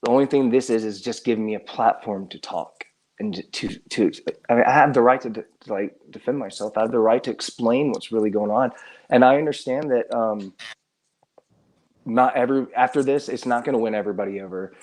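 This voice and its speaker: A man's voice: mid-range voice, brisk, darkish tone. A man talking casually on a live stream, earnest and exasperated, stumbling over restarts and repeated words as he defends himself.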